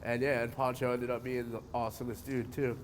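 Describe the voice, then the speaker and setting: A man, telling skateboarding stories in a relaxed interview, cursing freely and getting animated as he goes. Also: mid-range voice, fairly quick, a little hiss or hum. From New Jersey. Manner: laid-back, swears a lot, animated when telling stories. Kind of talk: casual interview.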